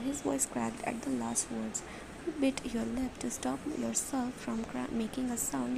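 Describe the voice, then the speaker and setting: Gravelly woman reading a fan story. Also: on the high side, animated, moderate pace. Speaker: fanfiction reader. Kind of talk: second-person story narration. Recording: noisy home recording.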